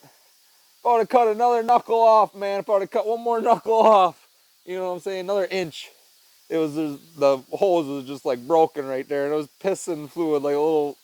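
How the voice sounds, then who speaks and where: Here a slightly high-voiced man with a darkish tone does a relaxed solo podcast on a headset mic. He sounds worn out, rambles, swears, and keeps saying "man" and "dude," and the recording is rough.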